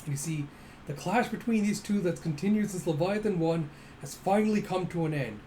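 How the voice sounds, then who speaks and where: A man's voice: high voice, brisk, warm tone, a little hiss or hum, rough recording. A man casually recapping a comic panel by panel, cursing now and then. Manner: casual, swears, play-by-play describing of panels. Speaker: manga recap narrator.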